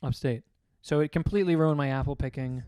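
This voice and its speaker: A man's voice: a little high, fairly even intonation, a little fast, warm tone, clear, resonant tone, no room sound, studio quality. A young man co-hosting a casual podcast chat, telling rambling stories and swearing often. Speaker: podcast co-host.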